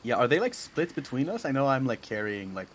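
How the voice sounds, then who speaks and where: Guy thinking out loud at a tabletop game, lots of um and like, bit of hiss. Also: medium pitch, very animated, brisk. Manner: hesitant, filler-heavy planning talk. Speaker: player. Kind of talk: casual chat.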